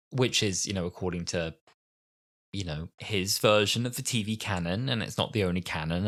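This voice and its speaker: A man in his twenties co-hosting a podcast, telling scenes in an animated way and acting out the characters. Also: deep voice. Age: 20s. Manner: animated storytelling, acts out scenes with big voices. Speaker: podcast co-host. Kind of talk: casual chat.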